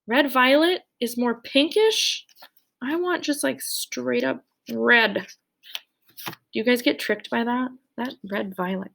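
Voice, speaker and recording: A woman's voice: a little high, expressive, unhurried, gravelly, fairly bright tone. A young woman leading a children's drawing lesson, cheerful and playful, speaking directly to the kids. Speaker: art teacher.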